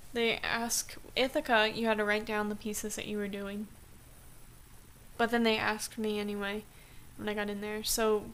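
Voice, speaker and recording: A young woman talks straight to her camera in a loose, rambling vlog, trailing off and restarting with lots of "like" and "I guess." Her voice sits a little high. A faint hiss runs under the home recording. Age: young adult. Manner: chatty, rambling with many restarts and "like". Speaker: vlogger. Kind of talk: casual vlog chat. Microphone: camera mic.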